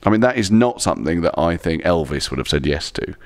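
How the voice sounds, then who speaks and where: A very low, gravelly man talks fast as a chat show guest. He spins rambling, self-deprecating comic stories. His voice is recorded close and dry. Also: expressive, no room sound. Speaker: comedian guest. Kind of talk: casual chat show interview.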